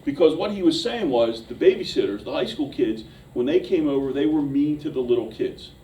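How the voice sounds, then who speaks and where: Animated male storyteller, echoey and distant. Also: on the high side, fairly quick. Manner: animated storyteller who builds to shouting. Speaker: motivational speaker. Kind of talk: storytelling motivational speech.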